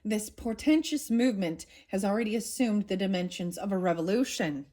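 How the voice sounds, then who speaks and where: A nervous, fawning male court official from a storybook, voiced by a woman reading it aloud, spoken softly in a plain, quiet reading voice. The tone stays low-key and unhurried. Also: natural voice. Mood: timid.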